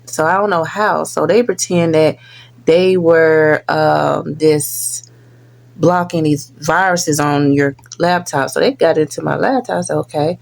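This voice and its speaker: A woman's voice: low-pitched, unhurried, gravelly. A woman hosting a reaction video, talking casually and earnestly warning her viewers.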